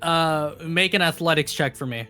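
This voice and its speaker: A man's voice: a little high, normal speed. A man narrating as dungeon master in a loose, stumbling way with many restarts, over faint music. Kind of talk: narrating a tabletop game.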